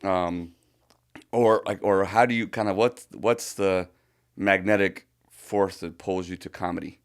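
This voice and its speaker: Low-voiced male podcast host. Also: steady tone, measured pace, clear, resonant tone. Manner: interviewing, frequent affirmations. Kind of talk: casual podcast chat.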